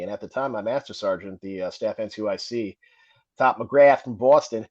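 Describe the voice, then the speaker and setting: A man's voice: medium pitch, brisk, no room sound, muffled recording. A man, a Marine veteran and firefighter, telling stories as a podcast guest and acting out the voices of others. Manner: animated storyteller, acts out quoted voices. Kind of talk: casual storytelling.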